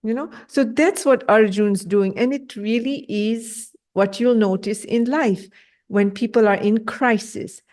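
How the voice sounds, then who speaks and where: A woman leads an online scripture class over a video call, her voice sitting a little high. She talks in an animated, direct way, acting out the voices she quotes and often checking in with her listeners. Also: unhurried. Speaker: spiritual teacher.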